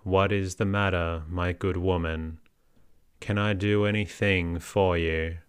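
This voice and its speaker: A man reading the lines of a gentle, kind young boy prince, earnest and polite, in a storybook. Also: low-pitched, fairly even intonation, takes it slowly, clear, resonant tone, dry recording, studio quality.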